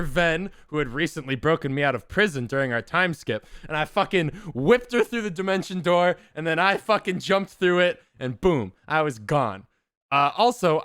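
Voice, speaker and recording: A man streamer excitedly telling a tabletop game story to his chat, swearing and laughing often. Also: on the high side, smooth, dry recording, clean studio sound.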